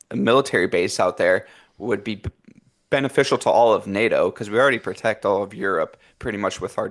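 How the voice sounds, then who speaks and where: Easygoing podcast co-host, stumbling but matter-of-fact, slightly low pitch. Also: male voice, fairly bright tone. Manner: loose and hesitant, lots of fillers, matter-of-fact. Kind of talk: casual podcast chat.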